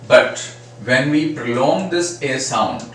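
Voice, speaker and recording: A man teaching a phonetics lesson, repeating example words slowly and asking "right?" often. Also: mid-range voice, animated, a bit bright. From India. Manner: frequent "right?" and "uh, say" fillers. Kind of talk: phonetics lecture. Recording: echoey room, mic at a distance, faint noise.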